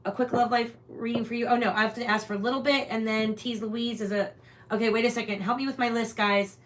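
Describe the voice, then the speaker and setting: A tarot reader hosting a live stream talks quickly in a slightly high, steady voice, with a little hiss or hum in the recording. She rambles chattily and speaks straight to her audience.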